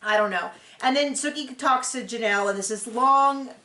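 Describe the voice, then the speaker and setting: A woman recapping reality TV speaks at normal speed in a high-ish voice with a sharp tone. Her casual commentary is chatty, opinionated and rambling, heavy on fillers, recorded in an echoey room.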